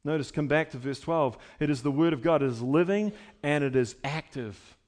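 High-voiced man preaching a sermon. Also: moderate pace, a little mellow. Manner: emphatic, builds with repeated phrases. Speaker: pastor.

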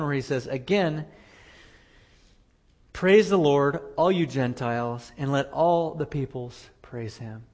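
A man's voice: medium pitch, a little mellow. A man preaching a sermon as pastor, earnest, repeating phrases for emphasis.

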